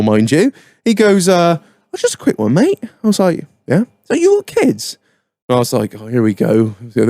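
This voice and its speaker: Laughing and swearing, this podcast host spins animated anecdotes in a relaxed, pub-style manner. He speaks at a normal speed in a medium-pitched voice, and the recording is dry.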